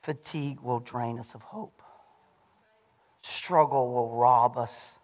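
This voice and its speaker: A pastor preaching a sermon in a church, animated and swinging between shouting and hushed lows. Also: male voice, slow pace. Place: church sanctuary. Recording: long hall reverb.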